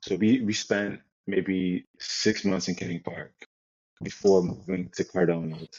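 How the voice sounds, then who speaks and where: A young man from Nigeria, a football player, telling his story in a relaxed interview chat with many restarts. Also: deep voice, measured pace, creaky, no room sound. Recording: dull lo-fi sound.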